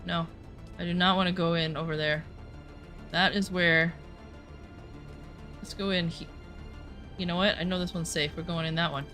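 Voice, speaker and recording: A woman's voice: fairly low pitch, steady tone, moderate pace, pauses often, pushed and bright, faint music behind. A woman chatting casually and profanely while streaming a game, full of rambling asides. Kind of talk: casual gameplay commentary.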